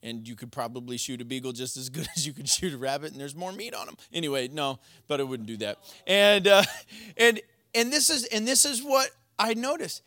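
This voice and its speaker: High bright-voiced male preacher. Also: a little fast, dry recording. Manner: conversational storytelling, plain folksy talk. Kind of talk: sermon.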